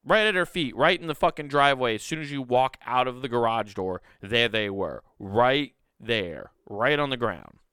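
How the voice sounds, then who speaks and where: A man's voice: mid-range voice, lively intonation, moderate pace, hardly any pauses, pushed and bright, smooth, dry recording, clean studio sound. A young man hosting a podcast, telling a story in an exasperated, profane rant. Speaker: podcast host. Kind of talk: casual solo storytelling.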